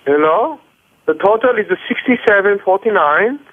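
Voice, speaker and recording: A man's voice: sits high, animated, normal speed, breathy edge. Agitated Korean-accented man on a tinny phone line. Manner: broken English, defensive and agitated. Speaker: restaurant worker. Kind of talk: phone call.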